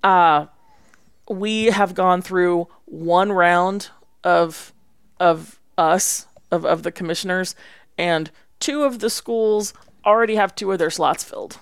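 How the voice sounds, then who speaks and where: A man hosts over a video call, steering the talk with wry, quick humor. His voice has a gravelly edge, and the sound is close and dry. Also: sits high, no room sound. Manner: wry, quick-witted moderator. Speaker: podcast host. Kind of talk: casual chat.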